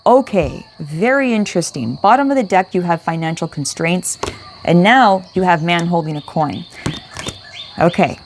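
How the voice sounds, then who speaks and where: A woman's voice: lowish voice, expressive, normal speed, slight background noise. A young woman giving a casual, chatty spiritual card reading, swearing now and then, outdoors. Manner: chatty, swears, talks to her dog in between. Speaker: card reader.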